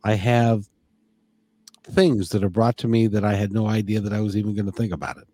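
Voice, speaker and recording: A man's voice: on the low side, steady tone, fairly quick, warm tone, no echo. A man hosting a spiritual conversation, earnest, often repeating words as he thinks. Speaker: podcast host.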